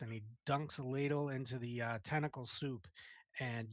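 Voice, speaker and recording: Male game master, casual lively narration, dry and dull lo-fi sound. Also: mid-range voice, normal speed, no echo. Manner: casual, vivid play-by-play narration. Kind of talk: narrating a tabletop role-playing game.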